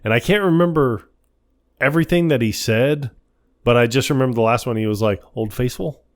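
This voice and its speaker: A man's voice: mid-range voice, a little fast. A man co-hosting a movie podcast, casually retelling scenes and quoting the characters. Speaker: podcast co-host.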